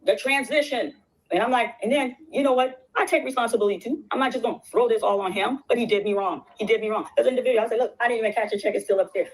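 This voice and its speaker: A woman telling her side of a settlement story, rushing excitedly and repeating phrases. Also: a little high, rough recording. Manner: rapid and excitable, repeats herself. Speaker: guest recounting a legal settlement. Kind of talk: casual storytelling on a stream.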